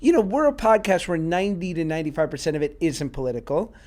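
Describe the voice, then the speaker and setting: A man in his thirties co-hosting a casual podcast, telling stories in a relaxed way, laughing and swearing. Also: on the high side, fast talker. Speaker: podcast co-host. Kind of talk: casual chat.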